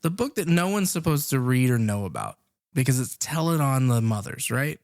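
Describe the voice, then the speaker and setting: Laid-back podcast co-host, dry sound. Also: male voice, mid-range voice, sing-song, moderate pace, darkish tone, dry recording. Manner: laid-back, agreeable, recaps plot with fillers. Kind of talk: casual film discussion.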